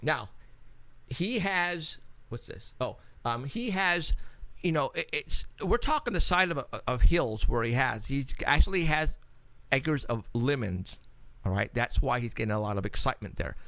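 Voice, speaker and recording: A man's voice: mid-range voice, expressive, a little slow, fairly bright tone, no room sound. A man co-hosting a paranormal radio show, talking in a rambling, casual way with many restarts as he walks through photos.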